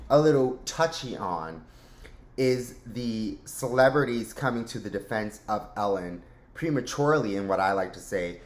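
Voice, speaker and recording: Chatty joking male vlog host, mid pitch, echoey room. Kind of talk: casual commentary. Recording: roomy echo.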